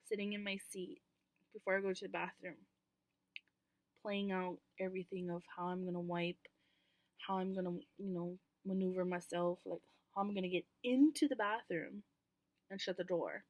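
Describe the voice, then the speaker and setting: Woman vlogging, frank and rambly, lots of ums, mid-pitch voice, dry close mic. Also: no room sound. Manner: candid and rambling, frequent ums, swears casually. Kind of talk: casual chat to camera.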